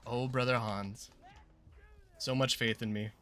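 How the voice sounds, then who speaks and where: A man's voice: medium pitch, fairly even intonation, unhurried, a bit bright. A man hosting a casual gameplay livestream, chatting playfully and with hype to his viewers. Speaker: streamer and channel host.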